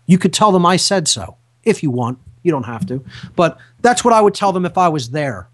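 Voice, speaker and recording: A man's voice: a little high, very animated, a little fast. A man hosting a talk radio show who speaks emphatically, repeating key phrases in a lecturing manner. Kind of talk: impassioned talk radio monologue.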